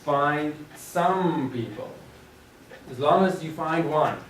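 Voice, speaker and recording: Slow-talking male teacher in echoey room. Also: fairly high pitch. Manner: thinks aloud, poses questions to the class. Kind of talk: classroom lecture. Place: classroom. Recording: echoey room, distant mic, clear background noise.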